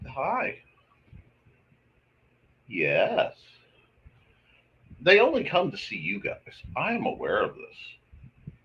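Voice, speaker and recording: Husky-voiced man chatting on a stream. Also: mid-range voice, wildly swooping pitch, takes it slowly, long pauses, highs cut off. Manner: chatty, talks softly to his cat. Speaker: host. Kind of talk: casual livestream chat while drawing.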